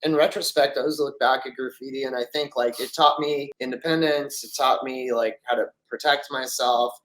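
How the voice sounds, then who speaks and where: A man's voice: mid-range voice, steady tone, brisk, fairly bright tone, poor audio. A middle-aged man from France, a guest telling long stories in a casual, rambling way, full of fillers. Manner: rambling, many fillers, acts out quoted voices. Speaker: interview guest. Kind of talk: casual storytelling interview.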